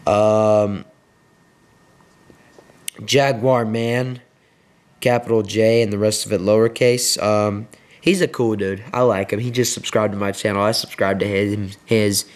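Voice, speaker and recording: A man's voice: lowish voice, steady tone, unhurried, pauses often, smooth. A young man hosting his own sports video, rambling with many fillers through a frustrated post-game rant. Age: young adult. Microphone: headset.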